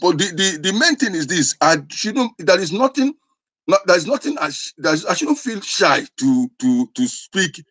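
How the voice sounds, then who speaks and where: A man's voice: sits high, big pitch swings, normal speed, fairly bright tone. A man with an Igbo accent, a traditional spiritual teacher preaching in a scolding, insistent way, often restarting his words. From southeastern Nigeria. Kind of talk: impassioned preaching to camera.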